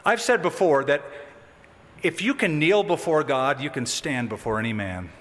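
A man preaching a sermon with a lively, dramatic delivery that rises and drops sharply. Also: a little high, normal speed. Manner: animated, dramatic with sudden drops. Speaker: pastor. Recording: long reverb of a hall.

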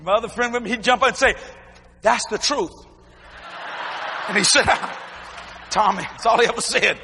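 Male preacher, bright forceful delivery, folksy storytelling with shouted bursts, long hall echo. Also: high voice, normal speed, gravelly, a little hiss or hum. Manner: animated storytelling with shouted exclamations; folksy, informal grammar. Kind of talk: testimony sermon.

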